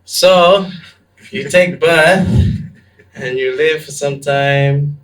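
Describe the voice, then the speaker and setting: A young adult man, a monk, telling a story in a lively, laughing way with lots of fillers. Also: fairly high pitch, drawn-out words, far from the mic. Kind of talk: storytelling talk. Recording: echoey room, voice from off-mic.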